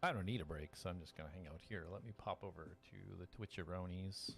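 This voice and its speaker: Chatty low-voiced man running a game stream. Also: fast, vocal fry, fairly bright tone, faint music behind. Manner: chatty, laughs often, reads out viewer names. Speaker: game master and stream host. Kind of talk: casual live-stream chat and game narration.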